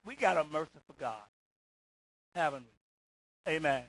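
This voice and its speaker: A man preaching a call-and-response sermon in church, rising to shouts on key words and asking "isn't that right?" again and again. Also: a little high, animated, normal speed, rough recording. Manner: rises to shouts on emphasis, repeats "isn't that right?".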